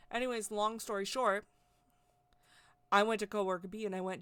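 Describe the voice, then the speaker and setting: A woman's voice: medium pitch, steady tone, normal speed, long pauses, fairly bright tone, clear, resonant tone, no room sound. A woman vlogger telling a casual story in a rambling way, often repeating and correcting herself. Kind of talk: casual spoken anecdote.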